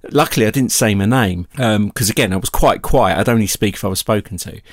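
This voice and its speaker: A middle-aged man telling a personal story in a casual, animated way, acting out the voices he quotes. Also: lowish voice, fast talker, no room sound, clean studio sound.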